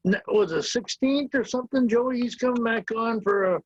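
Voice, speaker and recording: A man co-hosting a casual sports talk show, halting and filler-heavy. His voice sits high, recorded dry and close. The sound is dull and lo-fi. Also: no room sound. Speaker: co-host.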